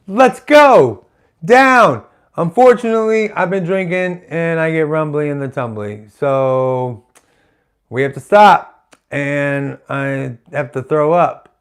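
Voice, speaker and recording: A man's voice: fairly high pitch, clear, resonant tone. A man doing live stand-up comedy, telling a rambling story full of restarts and asides. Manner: rambling, self-interrupting, chatty asides.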